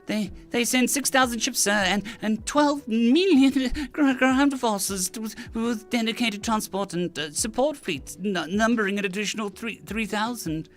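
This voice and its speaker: A man's voice: high-pitched, a little slow, few pauses, a bit bright, faint music behind, pitched above the performer's own voice. A man voicing a nervous alien male ensign who stutters and repeats his words in a storybook reading. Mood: nervous, stammering.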